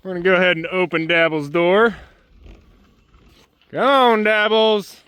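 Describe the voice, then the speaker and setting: Outdoors on a snowy farm, a homesteader vlogger narrates a casual vlog, talking to his animals in a fond sing-song voice. His voice is high-pitched, a bit bright, and a little slow, with a clean tone and no echo.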